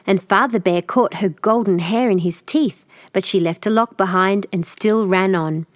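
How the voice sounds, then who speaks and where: Female storyteller, clear measured fairy-tale reading, dry close sound. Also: medium pitch, dry recording. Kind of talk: storybook narration for learners.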